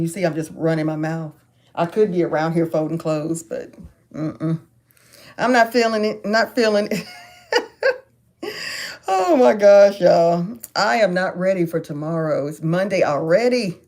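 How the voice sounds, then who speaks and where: A woman, chatting live with her viewers from her bedroom, talkative and quick to laugh. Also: fairly low pitch, warm tone. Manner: chatty, laughs often, talks straight to viewers. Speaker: livestream host. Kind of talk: casual live chat with viewers. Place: bedroom at home.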